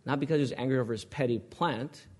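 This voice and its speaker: A man's voice: medium pitch, fast, a little mellow, husky. A male pastor preaching a sermon, asking the congregation questions and pressing his points with emphasis.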